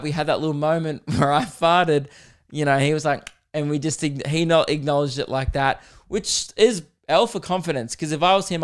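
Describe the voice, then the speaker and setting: A man's voice: mid-range voice, clear, resonant tone. A young man, hosting a solo podcast and telling a rambling, crude, self-mocking story. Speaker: podcast host.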